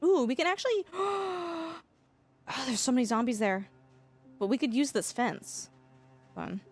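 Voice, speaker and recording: A woman's voice: high voice, measured pace, slightly rough, soft background music. A woman from Canada chatting casually with her viewers while she plays a game live, laughing often between remarks. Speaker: livestreamer.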